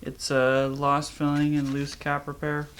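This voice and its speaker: A man's voice: fairly high pitch, completely flat delivery, a little slow, fairly bright tone, a little hiss or hum. A young man vlogging casually in a rambling, anxious way, with lots of fillers. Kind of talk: casual vlog.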